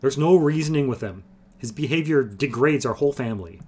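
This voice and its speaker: A man's voice: medium pitch, lively intonation, a little fast, a little mellow, slightly rough, voice pushed up. A man doing a scornful hot-tempered young noble. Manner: scornful, raging.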